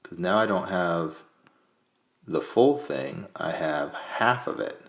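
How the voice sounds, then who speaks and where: Very low-voiced man teaching math. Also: takes it slowly, creaky, echoey room. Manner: calm step-by-step explaining, counting aloud. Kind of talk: screencast math lesson.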